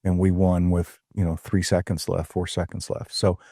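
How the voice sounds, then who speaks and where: An older man talks in a deep, mellow voice. He tells stories earnestly and folksily, pausing on ums. The sound is dry and close. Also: monotone, creaky, no echo. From Tennessee. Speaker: guest. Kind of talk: casual storytelling interview.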